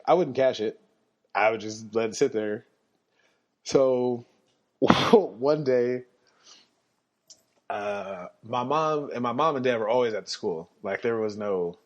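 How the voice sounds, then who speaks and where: In a slightly muffled, lo-fi podcast recording, a man hosting the show recounts personal stories in a relaxed monologue. He's lively and keeps chuckling, and his voice leaps higher when he imitates what people said.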